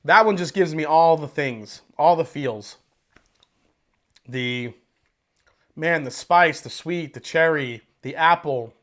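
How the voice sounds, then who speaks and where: A man with a slightly high voice chats loosely through a casual livestream from home. He rambles as he thinks aloud and curses freely. His wireless mic sits close and picks up every aside. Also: slow, pauses often, fairly bright tone. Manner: loose, chatty, rambling, swears and laughs easily. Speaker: whiskey reviewer hosting a livestream. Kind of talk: casual livestream tasting chat. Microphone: wireless microphone with battery pack.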